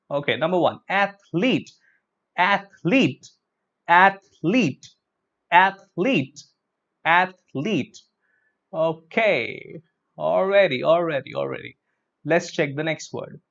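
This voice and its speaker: Indian English teacher drilling pronunciation. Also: male voice, a little high. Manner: drills words with the class, repeating each several times; mixes in Hindi words like "chalo". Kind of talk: live pronunciation lesson. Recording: dull lo-fi sound.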